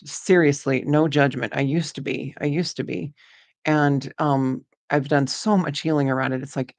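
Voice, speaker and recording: Gravelly-voiced woman doing a casual card reading. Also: sits low, darkish tone, dry recording. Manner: chatty and reassuring, drifts between points. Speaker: oracle card reader.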